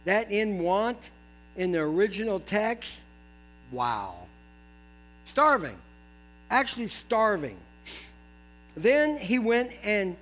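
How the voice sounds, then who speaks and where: A man's voice: high-pitched, a bit bright, rough recording. A man preaching a sermon as pastor, telling stories with folksy asides to the congregation.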